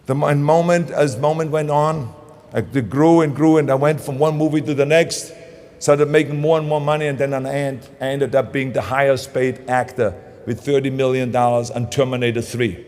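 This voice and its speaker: A man's voice: medium pitch, fairly even intonation, normal speed, darkish tone. Emphatic man with a German accent. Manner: emphatic, driving, repeats key phrases. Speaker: motivational speaker. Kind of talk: motivational speech and interview clips.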